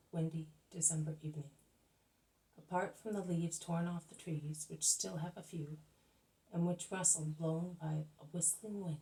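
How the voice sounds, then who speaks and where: Woman reading a book aloud, calm and measured, low-pitched, warm tone, slightly distant mic. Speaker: audiobook reader.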